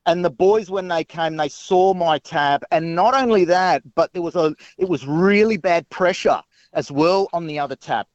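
A man's voice: fairly high pitch, normal speed, dry recording, muffled recording. An enthusiastic Australian man giving a customer testimonial, saying mate in nearly every sentence. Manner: enthusiastic, says mate constantly.

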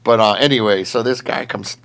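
Gravelly-voiced man rambling through a story. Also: on the low side, fairly quick. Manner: rambling, heavy use of filler words; animated, laughing while telling. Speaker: storyteller recounting patrol work. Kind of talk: casual storytelling chat.

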